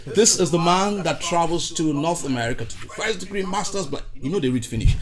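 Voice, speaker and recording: A man's voice: a little high, fairly quick, hardly any pauses, crowd noise. A Nigerian man hosting a podcast with a showy, exuberant intro, mixing in Pidgin. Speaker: podcast host. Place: recorded studio in Ottawa.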